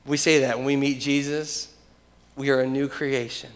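A male pastor preaching a sermon, emphatic, swinging from loud proclamations to hushed asides. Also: medium pitch, fairly even intonation, moderate pace, big-room sound.

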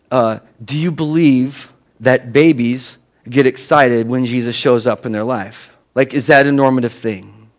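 A man preaching a sermon in a loose, conversational way, often restarting his sentences. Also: mid-range voice. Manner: conversational, with frequent restarts and asides. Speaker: pastor.

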